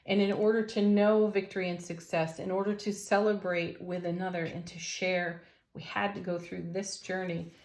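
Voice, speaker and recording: A woman giving a daily tarot reading, gentle and enthusiastic, with affirming words for her viewers. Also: on the low side, level tone, normal speed. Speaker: tarot reader. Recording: roomy echo.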